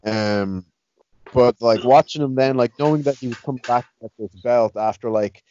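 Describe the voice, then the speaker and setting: A man's voice: medium pitch, moderate pace, warm tone. A man chatting casually about fights, rambling with many restarts and "you know". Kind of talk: casual chat. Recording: dry, slightly dull lo-fi sound.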